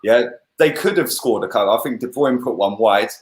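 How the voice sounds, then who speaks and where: A man giving a casual, animated football review on a livestream, full of "yeah?" and "bruv". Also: lowish voice, fairly quick, reverberant. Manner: animated, lots of "yeah?" and "bruv", laughs often. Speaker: football channel host.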